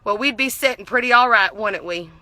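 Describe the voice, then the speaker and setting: A woman's voice: on the high side, a little fast, bright, forceful tone, no echo. A young woman delivering a heated, profane political rant to the camera. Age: young adult. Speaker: vlogger.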